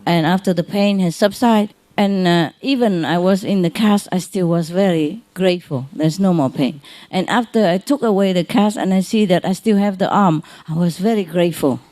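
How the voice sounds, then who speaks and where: Woman spiritual teacher, soft consoling talk, mellow low voice, halting non-native english. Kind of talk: informal spiritual talk to followers.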